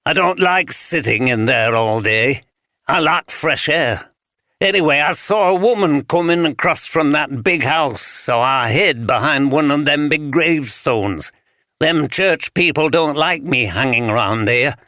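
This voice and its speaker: A man's voice: fairly high pitch, measured pace, pushed and bright, no echo, clean studio sound, pitched above the performer's own voice. A man voicing a wary, scruffy homeless man with a broad Yorkshire accent, talking in blunt, clipped dialect in an audiobook.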